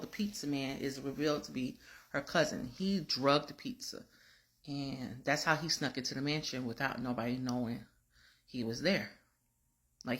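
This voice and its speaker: A woman recapping a drama episode in a chatty, slangy, casual way. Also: low-pitched.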